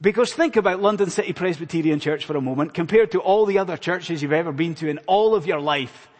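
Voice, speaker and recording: Scottish male preacher, earnest sermon delivery, slightly husky and higher voice, long hall echo. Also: fast. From Scotland. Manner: earnest, questioning the congregation, swings between loud emphasis and hushed lines. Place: church in a large hall.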